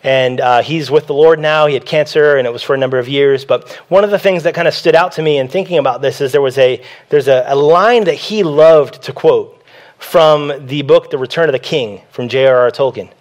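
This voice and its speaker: A pastor giving a sermon in a conversational preaching manner, repeating key phrases for emphasis. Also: male voice, mid-range voice, brisk.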